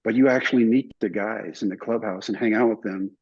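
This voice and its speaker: An older man telling stories in an interview, animated and acting out other people's lines. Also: on the low side, a little fast, breathy edge. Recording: somewhat dull, muffled recording.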